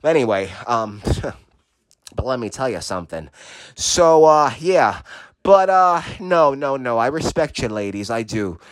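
A man's voice: medium pitch, lively intonation, a little slow, no room sound. A man hosting a podcast in a rambling late-night monologue, giggly, profane and scattered, often breaking off mid-thought. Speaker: podcast host.

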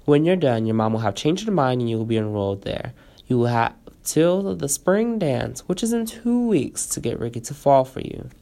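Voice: medium pitch, very animated, normal speed, gravelly, warm tone. A storyteller voicing a sinister male sea-witch dealer who bargains in a smug, cold tone. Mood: scheming.

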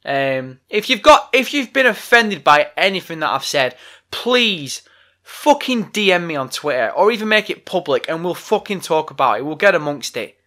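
A man's voice: fairly high pitch, sing-song, moderate pace, bright, forceful tone. A man hosting a solo wrestling podcast, ranting bluntly and swearing a lot. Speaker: podcast host.

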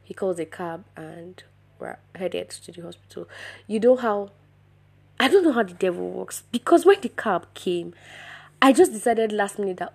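A woman vlogger telling her own story in a casual, animated way, speaking straight to her viewers with sudden louder, higher bursts of emphasis. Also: moderate pace, vocal fry, husky. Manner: addresses viewers directly.

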